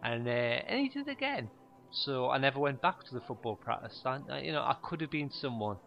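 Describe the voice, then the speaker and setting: A man telling stand-up stories in a deadpan, rambling way, full of fillers. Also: medium pitch, fairly quick, gravelly, lo-fi sound. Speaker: stand-up comedian. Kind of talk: stand-up monologue.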